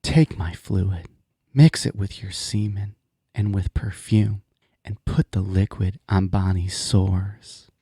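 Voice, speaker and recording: A man voicing a seductive, demonic vision figure in a slow, sultry voice. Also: deep voice, warm tone, husky, no room sound, clean studio sound, voice pushed down, exaggerated voice.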